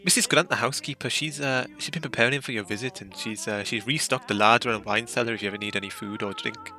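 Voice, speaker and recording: A man's voice: mid-range voice, quick pace, pushed and bright. A man voicing a fretful middle-aged manor owner, polite and hesitant, full of ums.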